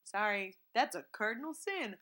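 Bright-voiced chatty woman. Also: on the high side, normal speed. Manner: chatty, animated, acts out quotes in silly voices. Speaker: podcast co-host. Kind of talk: casual chat.

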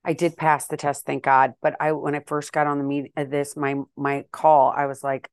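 A woman in her fifties telling a story to her viewers in a chatty, animated way, with exasperated asides. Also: low-pitched, moderate pace, few pauses, dry recording, clean studio sound. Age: 50s. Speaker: vlogger and wellness coach.

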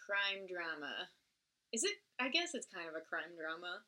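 A woman's voice: lowish voice, sing-song, normal speed, pushed and bright. A woman in her twenties co-hosting a casual podcast. She makes wry, offhand remarks and swears freely. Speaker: podcast co-host. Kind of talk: casual chat.

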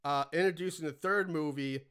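Bright-voiced man recapping a movie. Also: a little high, a little fast, clear, resonant tone. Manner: laid-back, crude and laughing. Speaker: podcast host. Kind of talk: casual movie recap chat.

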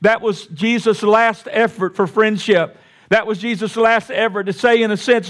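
Emphatic man preaching, somewhat high voice. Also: fairly even intonation, moderate pace. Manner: preaching with big swings from quiet to raised, emphatic repetition. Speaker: pastor. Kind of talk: sermon.

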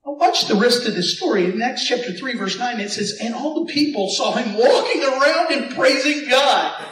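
A man preaching a sermon as pastor, animated, with call-and-response to the congregation and playful asides. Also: very high-pitched, normal speed, echoey room, recorded from a distance, a little hiss or hum, poor audio.

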